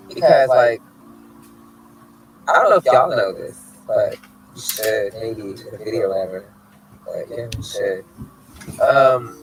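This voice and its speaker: A man's voice: medium pitch, low-quality recording. Flamboyant man ranting to camera outdoors. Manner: flamboyant, theatrical, mocking. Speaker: activist filming a street vlog. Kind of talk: casual rant to camera. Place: outdoors in front of a building.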